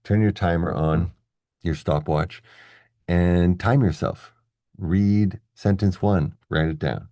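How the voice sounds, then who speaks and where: A man's voice: deep voice, slow, dark tone, no echo, studio quality. A man teaching an English lesson on video, explaining step by step and checking in with "okay?" and "right?". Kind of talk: classroom-style video lesson.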